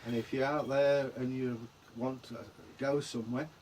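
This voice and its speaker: A man's voice: mid-range voice, level tone, normal speed, a little mellow, slight background noise. Chatty rambling English man. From England. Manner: chatty, rambling, trails off mid-sentence. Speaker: vlog co-host. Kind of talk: casual chat.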